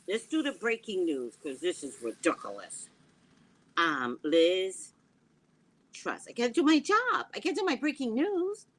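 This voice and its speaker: Streaming casually from indoors at home, this psychic host jokes around and responds to her chat and viewers with animation. Her mid-range voice is unhurried, and with no proper external mic, the audio sounds rough.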